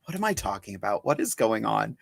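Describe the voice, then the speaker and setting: A man's voice: on the low side, very animated, brisk, gravelly, dry recording. A man who is a drag artist hosts a live podcast in a chatty, upbeat and self-mocking way. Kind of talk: casual livestream chat.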